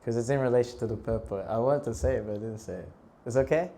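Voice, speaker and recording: A man in his thirties, a monk preacher telling a lively story in a temple talk, laughing often and breaking into shouted prayers. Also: mid-range voice, fast, vocal fry, slight background noise.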